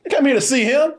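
A man hosting a podcast in casual chat, animated and laughing often as he acts out scenes. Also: extremely high pitch. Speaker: podcast host reviewing a show.

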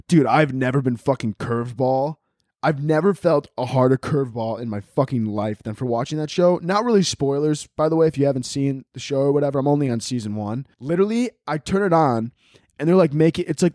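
A man's voice: mid-range voice, brisk, a little mellow, no echo, clean studio sound. A man hosting a podcast, telling a rambling, profane comic story. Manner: rambling, profane, laughing often. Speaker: podcast host. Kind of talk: casual comedic storytelling.

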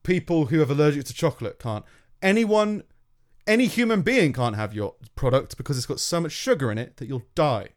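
A man's voice: fairly high pitch, sing-song, fairly quick, hardly any pauses. Sarcastic man on a podcast. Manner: sarcastic, swearing, laughs often, reads out statements mockingly. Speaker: podcast co-host. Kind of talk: casual podcast chat.

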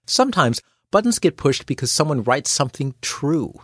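Wry, animated man narrating dryly. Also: a little high, normal speed, husky, no echo, clean studio sound. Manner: wry, playful, acts out quoted voices. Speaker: executive coach and host. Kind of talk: scripted podcast narration.

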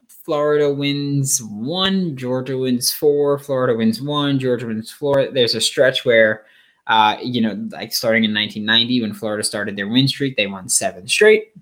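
A young man hosting a sports podcast, talking casually and rambling with many fillers and restarts. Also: mid-range voice. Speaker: podcast host.

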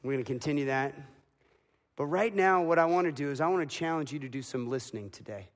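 A man preaching a dramatic sermon as a pastor, building to loud emotional peaks. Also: fairly high pitch, quick pace. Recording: long reverb of a large hall.

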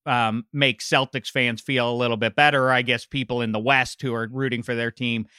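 A man's voice: medium pitch, little pitch movement, fairly quick, bright, forceful tone, clear, resonant tone, no echo, studio quality. A man with a Pittsburgh accent, co-hosting a podcast, talking about sports in a rambling, self-interrupting, playful way. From Pittsburgh area. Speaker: podcast co-host. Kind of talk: casual sports chat. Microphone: video call.

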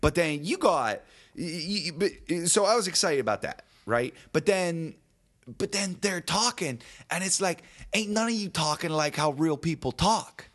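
A man's voice: a little high, lively intonation, moderate pace, fairly bright tone. A man chatting casually on a podcast about a movie he disliked, rambling and complaining in loose colloquial speech. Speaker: podcast co-host. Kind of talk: casual movie review chat.

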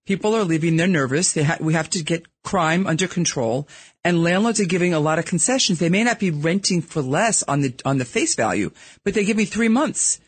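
A man's voice: fairly high pitch, lively intonation, a little fast, breathy edge, no echo. A middle-aged man with a Brooklyn accent, speaking as a guest on a radio show in a candid, chatty way. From New York. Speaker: guest, real estate podcaster. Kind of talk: casual radio interview chat. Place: radio studio.

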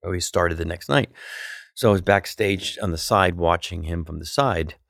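Middle-aged comic dude telling a story, gravelly low voice, swears a lot, acts out the quotes. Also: male voice, moderate pace, no room sound, clean studio sound. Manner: animated, profane, acts out quotes. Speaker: comedian guest. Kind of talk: storytelling anecdote.

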